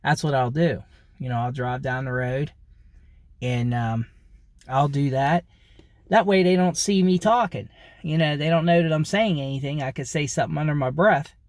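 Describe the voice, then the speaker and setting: A man with a somewhat high voice talks casually to his viewers. He rambles, repeats himself and laughs between thoughts. The sound is dry and close, with no room echo. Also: moderate pace. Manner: rambling, repeats himself, frequent fillers and chuckles. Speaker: vlogger. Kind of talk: casual talk to camera.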